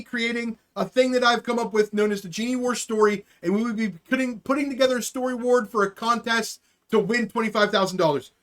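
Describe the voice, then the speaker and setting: A man's voice: very high-pitched, a little fast, few pauses, fairly bright tone. A man hosting a casual livestream talk show, joking crudely and hyping the next episodes. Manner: crude, joking, hyped sign-off. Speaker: podcast host.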